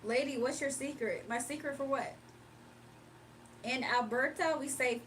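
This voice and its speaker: A woman's voice: high-pitched, measured pace, long pauses, a bit bright, distant mic, slight background noise, rough recording. A woman from Virginia hosting a late-night livestream, chatting casually, reading comments aloud, and laughing often. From Virginia, United States. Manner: laid-back slangy talk, laughs often. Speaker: livestream host.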